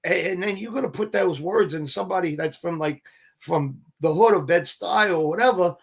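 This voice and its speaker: A middle-aged male actor tells stories in a relaxed interview, full of energy. His voice sits a little high for a man, and he slips into the voices of the people he quotes. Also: moderate pace, gravelly, slightly rough. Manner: animated, acts out quoted voices, swears casually. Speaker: actor guest. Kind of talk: casual interview storytelling.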